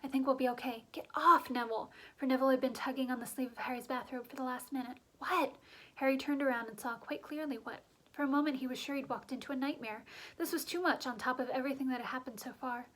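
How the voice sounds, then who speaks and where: Brief: woman with a high voice, reading a story aloud briskly. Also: steady tone, poor audio. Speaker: reader. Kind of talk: audiobook narration.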